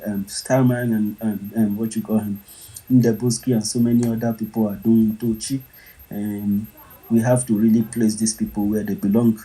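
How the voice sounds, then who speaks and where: A man from Nigeria hosting an online group audio chat, with halting speech full of fillers and restarts. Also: lowish voice, dark tone, rough recording. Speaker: host of an online audio space.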